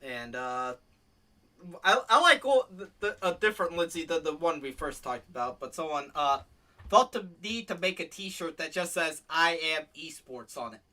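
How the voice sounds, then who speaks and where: High bright-voiced man, casual podcast host. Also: expressive, moderate pace. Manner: swears freely, laughs often, reads tweets aloud. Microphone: home microphone, streamed show.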